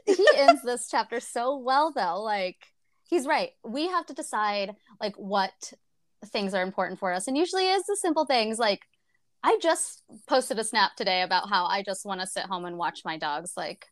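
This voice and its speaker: A woman's voice: medium pitch, expressive, normal speed, dry recording. A woman co-hosting a podcast in a casual book chat, laughing often and swearing freely. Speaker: podcast co-host.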